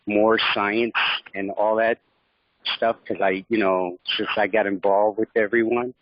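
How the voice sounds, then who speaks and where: A man's voice: on the low side, flat delivery, measured pace, dry recording. A man speaking on a group call, hesitant and full of fillers, over muffled online audio. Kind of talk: casual chat.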